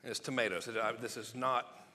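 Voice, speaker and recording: A man giving a live sales seminar, talking fast and excitably, joking and acting out quotes. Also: mid-range voice, big-room sound. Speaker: sales copywriting presenter.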